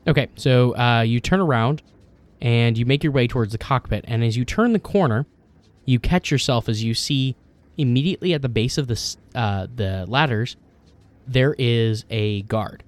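A man runs a tabletop game, narrating scenes in detail. He pauses often and fills gaps with ums and uhs. His voice sits at an ordinary middle pitch. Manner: descriptive, many fillers. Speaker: game master.

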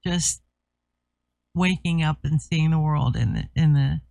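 A man co-hosting a talk show in a fairly high voice. He chats casually, teases and laughs easily. The sound is dry and close. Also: measured pace, creaky, darkish tone, dry recording. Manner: easygoing, teasing, laughs often. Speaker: co-host. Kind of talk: casual chat.

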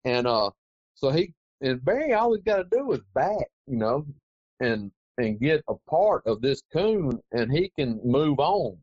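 A man's voice: medium pitch, measured pace, dry recording. A man, telling a rambling, folksy story as an interview guest. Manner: rambling, folksy, animated retelling. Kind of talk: casual anecdotal storytelling. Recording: dry, dull lo-fi recording.

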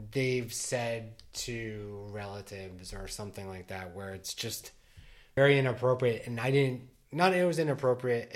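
Middle-aged male podcast co-host, rambling, filler-heavy casual delivery. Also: medium pitch. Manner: rambling, many restarts and "like" fillers. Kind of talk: casual chat.

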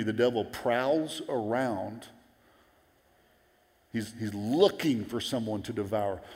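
A man in his forties delivers a sermon at a middle pitch, telling stories with animated energy. He slips into quoted voices as he goes. His voice rings with long reverb through a large church hall. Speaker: pastor.

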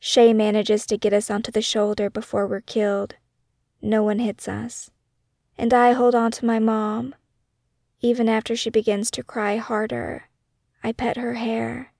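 A woman narrating her own memoir in a measured, reflective scripted reading for a podcast she wrote. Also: fairly high pitch, creaky, darkish tone, no room sound, studio quality.

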